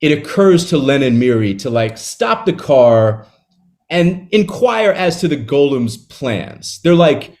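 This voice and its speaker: A man in an interview, talking casually about a book he wrote, retelling its scenes with quick asides. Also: mid-range voice, sing-song, a little mellow. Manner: conversational, retells scenes with quick acted quotes and laughs. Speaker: author discussing his novel.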